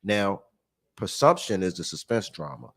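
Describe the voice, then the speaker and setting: A man's voice: deep voice, big pitch swings, moderate pace, fairly bright tone. A man hosting a casual chat, explaining acting in a laid-back, earnest way.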